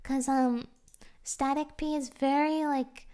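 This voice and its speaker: A young woman streamer chatting casually with her live chat, gushing and giggly, sometimes dropping to soft whispers. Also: high-pitched, level tone, slow pace.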